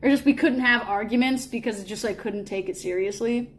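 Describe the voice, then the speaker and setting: A woman chatting casually on a live stream, telling stories animatedly with drawn-out words, fillers and sudden high bursts. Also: slight background noise.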